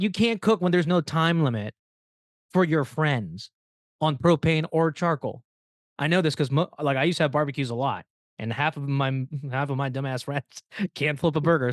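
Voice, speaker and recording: A man's voice: on the high side, dry recording. Young male guest, ranting storyteller, profane and laughing; dead-dry mic. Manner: profane, ranting, laughs while telling stories. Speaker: podcast guest. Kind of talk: casual storytelling.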